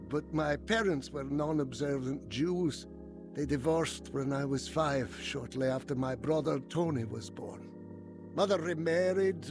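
A man recounts his memories in calm, reflective scripted narration. His voice sits a bit higher than usual for a man, and soft music plays behind him.

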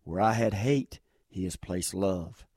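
A middle-aged man with a deep, dark, husky voice tells his faith testimony with earnest fervor, circling back on phrases to drive them home. The recording is close and dry. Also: unhurried, no echo. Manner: earnest, fervent, repeats phrases for emphasis. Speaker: churchgoer giving testimony.

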